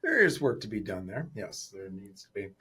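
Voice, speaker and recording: A man's voice: lowish voice, big pitch swings, moderate pace, sharp tone, husky. A man co-hosting a podcast interview, talking casually and animatedly, acting out his own reactions in quotes. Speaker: podcast co-host.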